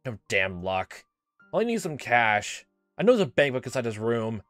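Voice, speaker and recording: A man reads out a brutal, bullying grown man from a game story, all snarls and threats. His mid-range voice turns rough and menacing. Soft music plays underneath. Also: mid-range voice, very animated, normal speed, dry recording, lightly acted. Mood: grumbling.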